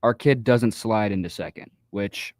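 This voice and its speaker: A man's voice: lowish voice, measured pace, darkish tone, dry recording. A man who coaches youth baseball, telling a story in casual chat and acting out the quoted exchanges with animation. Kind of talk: casual storytelling on a talk show.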